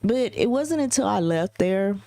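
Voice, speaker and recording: Animated woman telling a story. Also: moderate pace, creaky, dry recording. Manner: animated, mimics people with high exaggerated voices. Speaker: podcast co-host. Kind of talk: casual storytelling chat.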